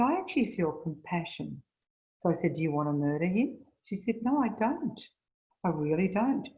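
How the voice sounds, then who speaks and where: A middle-aged woman leading a spiritual seminar, telling stories and acting out the people she quotes with rising pitch. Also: mellow. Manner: storytelling, acts out quoted voices with rising pitch. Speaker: seminar leader. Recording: echoey room.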